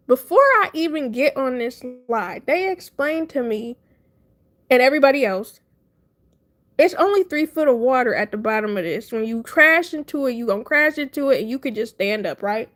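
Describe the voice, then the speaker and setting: A young woman livestreaming, telling a funny story to her chat in a casual, animated way, laughing often and acting out her panic. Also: sits high, normal speed. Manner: animated, laughing, dramatic retelling.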